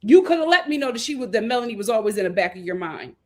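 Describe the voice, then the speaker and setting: A woman's voice: a little high, sing-song, very fast, darkish tone. A woman in her thirties recapping a reality show in casual chat, laughing and acting out the cast members' lines. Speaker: host of a reality show review stream.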